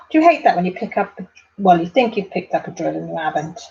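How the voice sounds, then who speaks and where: A woman's voice: fairly low pitch, big pitch swings, fairly quick, vocal fry, highs cut off. Chatty Welsh woman. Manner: chatty, warm-hearted, talks to viewers by name. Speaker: vlogger. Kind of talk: casual live-stream chat. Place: home.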